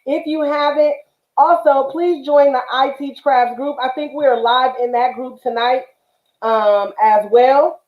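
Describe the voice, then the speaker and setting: A woman's voice: high-pitched, measured pace. A woman from the Bay Area hosting a craft livestream, talking casually and affectionately with lots of fillers. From Northern California, Bay Area. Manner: chatty, affectionate, many fillers. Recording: roomy, dull livestream audio.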